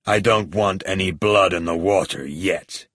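A menacing male crime boss speaks in a low, husky voice, read by a male narrator. He gives cold, unhurried commands. The recording is dry and close. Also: fairly bright tone, dry recording, exaggerated voice.

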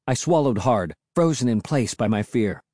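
An audiobook narrator reading a first-person story with suspenseful, expressive delivery. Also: mid-range voice, moderate pace, no echo.

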